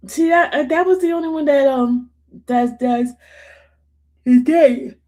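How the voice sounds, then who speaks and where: High-voiced woman host, slow and laughing. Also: darkish tone. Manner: laughing helplessly between words; drawling, slangy, exclaims to the Lord. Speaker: livestream host. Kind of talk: casual chat with live viewers.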